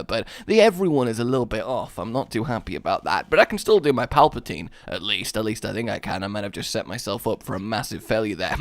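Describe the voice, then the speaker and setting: A man giving casual let's-play commentary as a gaming YouTuber, rambling and self-mocking, breaking into excited yelps. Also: fairly low pitch, brisk, vocal fry, hardly any pauses, dry recording.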